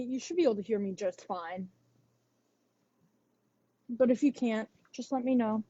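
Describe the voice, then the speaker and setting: Woman fitness instructor chatting before class, kinda high, mellow voice, dull dry mic sound. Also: moderate pace, pauses often, dry recording. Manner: relaxed, chatty, sighing and yawning. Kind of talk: casual chat before a livestream workout class. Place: indoors at home. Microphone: wireless headphone mic.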